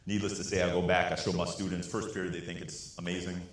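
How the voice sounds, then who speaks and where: A man giving a storytelling keynote speech, animated and acting out the voices of the people he quotes. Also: sits low, quick pace. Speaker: keynote speaker. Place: large conference hall. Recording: echoey hall.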